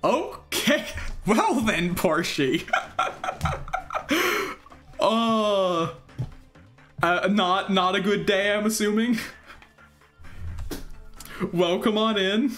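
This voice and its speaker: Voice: medium pitch, extremely slow, long pauses, fairly bright tone, soft background music. A streamer doing casual gameplay commentary and talking with viewers, laughing often and trailing off mid-sentence.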